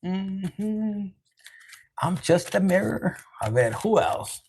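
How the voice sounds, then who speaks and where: A man's voice: high voice, big pitch swings, slow pace, gravelly, darkish tone, slight background noise. A man giving a casual tarot reading in a loose, profane way, laughing and dropping Spanish slang. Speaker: tarot reader.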